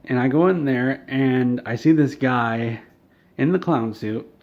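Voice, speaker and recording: Casting: deadpan comic storyteller, male, mid-pitched, rambling and self-deprecating, lo-fi sound. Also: a little slow, slight background noise. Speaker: comedic storyteller. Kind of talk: deadpan absurd monologue.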